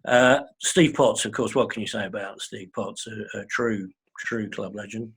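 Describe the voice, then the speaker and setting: An older man chatting as a guest, telling wry, measured stories in a husky voice. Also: fairly low pitch. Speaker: guest fan. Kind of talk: casual chat.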